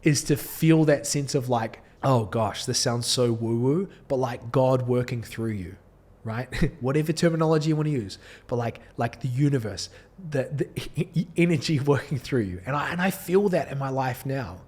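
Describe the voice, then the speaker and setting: A man with a New Zealand accent talks straight to the camera like a business coach. He sounds earnest and a bit like a preacher, and he often restarts his sentences as he pushes his listeners to dig deeper. His voice sits at a middling pitch. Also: moderate pace, darkish tone. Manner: earnest, preachy, with frequent restarts and light laughs. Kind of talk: direct-to-camera motivational talk. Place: indoor filming setup.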